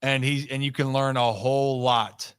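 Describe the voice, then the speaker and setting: A man hosting a live sports talk show, talking in an energetic, animated way and teasing his co-host. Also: medium pitch, moderate pace, smooth.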